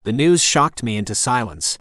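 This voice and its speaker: Man, audiobook narrator, steady storytelling read, mid pitch, dry close recording. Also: moderate pace, no room sound. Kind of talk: scripted first-person narration.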